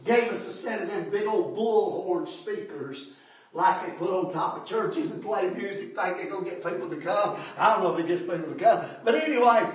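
An older man, preaching a folksy testimony sermon in a church, storytelling that rises to shouts. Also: high voice, moderate pace. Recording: echoey hall, far from mic.

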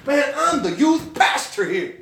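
Male preacher, high and bright, lively storytelling sermon, roomy echo. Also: a little slow, vocal fry, a little hiss or hum. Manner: animated storytelling, acts out quoted voices. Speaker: pastor. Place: church.

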